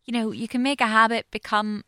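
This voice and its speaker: A woman chatting casually on a podcast, telling animated stories about her pet peeves. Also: fairly high pitch, brisk, clean tone, no echo, studio quality. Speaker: podcast co-host. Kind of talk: casual chat.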